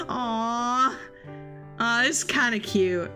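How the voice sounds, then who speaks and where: Giggly woman streamer, higher voice. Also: measured pace, bright, forceful tone, faint music behind. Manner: giggly, rambling, breaks into laughter. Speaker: VTuber streamer. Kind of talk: casual let's play commentary.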